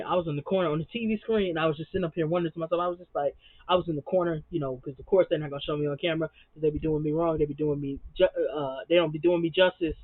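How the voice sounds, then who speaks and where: A man with a high voice gives a sassy, slang-heavy recap of a reality show. He hammers his points home by repeating words. The sound is dry and tinny, like it is coming over a phone line. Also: dry recording. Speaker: TV recap vlogger.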